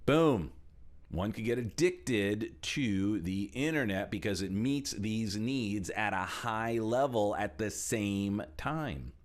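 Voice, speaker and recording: A middle-aged man giving a motivational talk as speaker and trainer, animated, swinging between loud emphasis and hushed asides while acting out quoted voices. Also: fairly low pitch, slow.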